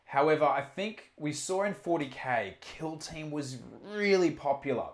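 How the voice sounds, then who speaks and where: A man hosting a casual live stream, talking in quick bursts, swearing and restarting his sentences. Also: a little high, reverberant. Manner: animated, swearing, self-interrupting. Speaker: stream host reading chat. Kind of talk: casual chat.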